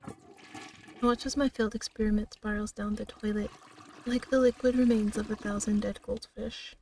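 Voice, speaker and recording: A woman streamer reading a narrative game aloud in a slow, dramatic way, now and then breaking off with laughs and asides. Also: medium pitch, steady tone, a little mellow, distant mic, a little hiss or hum.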